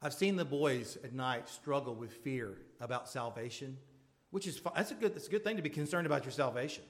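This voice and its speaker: A man's voice: expressive, fairly quick. A man preaching a sermon as pastor, pleading with his congregation and building to fervent appeals. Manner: pleading, rising to fervent high-pitched appeals. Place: church sanctuary. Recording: long hall reverb.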